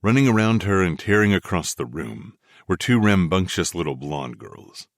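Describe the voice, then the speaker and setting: A man narrating a first-person romance audiobook in a measured, expressive way. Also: low-pitched, no room sound, clean studio sound.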